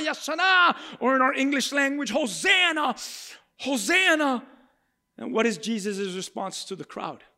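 A man preaching a sermon with passion, swinging from loud cries to hushed tones and acting out crowd voices. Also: sits high. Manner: acts out crowd cries and speaks in Jesus' voice.

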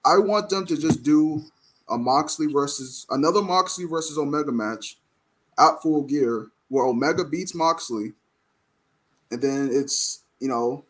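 A man co-hosting a casual wrestling podcast over a video call, talking in quick, excited bursts. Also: on the high side, husky. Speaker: podcast co-host. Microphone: video call mic.

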